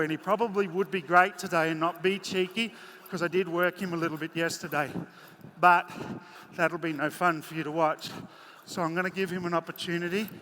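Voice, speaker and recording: A man's voice: high-pitched, sharp tone. Chatty horseman in an echoey arena. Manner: folksy, chatty, does playful voices for his horses. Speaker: horse clinician. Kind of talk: live arena demonstration talk. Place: large indoor arena. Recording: echoey arena with faint crowd noise.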